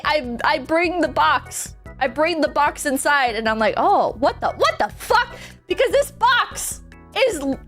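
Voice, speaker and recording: A young woman streamer telling a story casually, animated and swearing a lot, with bursts of shouting and laughter. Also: high voice.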